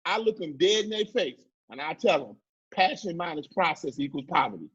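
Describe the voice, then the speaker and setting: A man's voice: high voice, big pitch swings, fairly quick, a bit bright, husky, highs cut off. A man giving a motivational business lesson on a livestream, emphatic and preachy, repeating his key phrases. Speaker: business coach.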